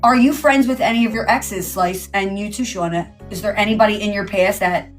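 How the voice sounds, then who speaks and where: A woman's voice: mid-range voice, a little fast, soft background music. A woman in her forties co-hosting a podcast, chatting casually and acting out the people in her stories. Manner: animated storyteller, acts out quotes. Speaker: podcast co-host. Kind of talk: casual chat.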